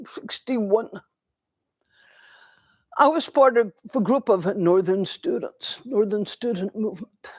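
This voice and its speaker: Older woman, dharma talk, unhurried reflective storytelling, dry close sound. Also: medium pitch, darkish tone, dry recording. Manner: slow, reflective storytelling with pauses. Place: temple hall.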